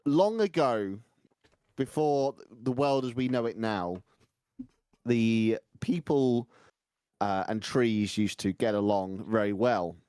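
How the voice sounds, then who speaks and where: A man's voice: on the low side, slow, warm tone, clear, resonant tone, dry recording, clean studio sound. A man playing a tabletop game, rambling and playful. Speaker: player. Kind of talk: improvised tabletop role-play.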